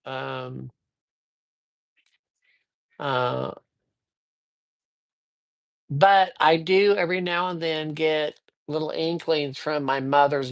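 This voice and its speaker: A man's voice: on the high side, creaky, fairly bright tone, dry recording. A man doing a livestreamed card reading, upbeat and chatty, rambling a little and greeting viewers by name. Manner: rambling, with frequent fillers. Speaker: psychic reader. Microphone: livestream microphone.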